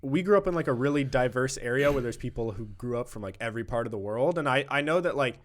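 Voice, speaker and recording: A man's voice: medium pitch, fast talker. A young man hosting a casual podcast, talking loosely with lots of fillers. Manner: relaxed, filler-heavy talk. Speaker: podcast host. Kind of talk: casual chat.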